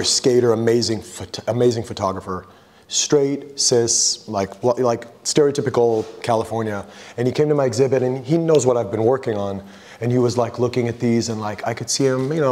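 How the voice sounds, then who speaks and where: A man's voice: on the low side, darkish tone. A man giving an artist talk about his photographs, chatting loosely and retelling conversations with lots of "like". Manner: loose and chatty, full of "like" and retold dialogue. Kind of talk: casual talk to a gallery audience. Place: gallery hall. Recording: long reverb of a gallery hall.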